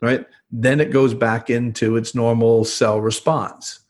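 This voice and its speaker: A man's voice: mid-range voice, little pitch movement, unhurried. A man talking as an interview guest, explaining earnestly and acting out the lines he quotes. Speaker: guest, trauma expert. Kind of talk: podcast interview.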